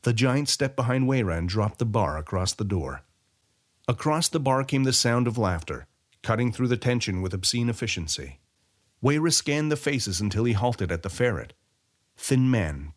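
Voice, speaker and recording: Guy reading a fantasy audiobook, lowish voice, lots of swing in his pitch. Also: expressive, normal speed. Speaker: audiobook narrator. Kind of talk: scripted fantasy narration.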